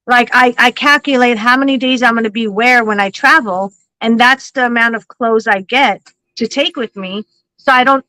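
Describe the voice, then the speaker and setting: Bright high-voiced woman telling a story. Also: dry recording, low-quality recording. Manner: animated, laughing, swears freely. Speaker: psychic reader and livestream host. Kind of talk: casual storytelling on a livestream.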